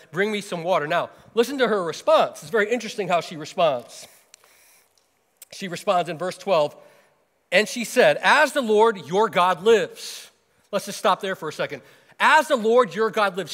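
High-voiced man preaching in a reverberant hall. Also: fairly bright tone. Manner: conversational, explains and retells the story with many restarts. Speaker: pastor. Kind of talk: sermon.

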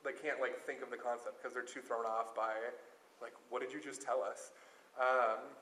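A man's voice: medium pitch, level tone, moderate pace, bright, forceful tone, slight background noise. A man giving a casual Bible teaching, chatty and loose, with lots of fillers. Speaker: Bible talk speaker. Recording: roomy echo.

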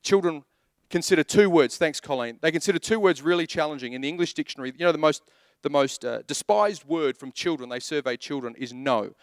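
A middle-aged man preaching a sermon as a pastor, animated, repeating key phrases and acting out little asides. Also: on the high side, fairly quick, no echo, studio quality.

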